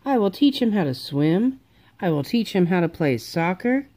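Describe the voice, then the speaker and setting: A woman's voice: on the low side, very animated, normal speed, dark tone. A woman voicing an eager, clumsy young boy frog in a storybook read-aloud, bouncy and a little whiny.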